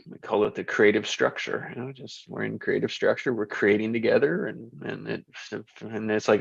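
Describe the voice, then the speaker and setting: A man's voice: medium pitch, normal speed, creaky, few pauses, husky, no echo, highs cut off. A man who organizes a group, talking in a rambling, enthusiastic way and repeating himself. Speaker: group organizer, business owner. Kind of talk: casual group chat.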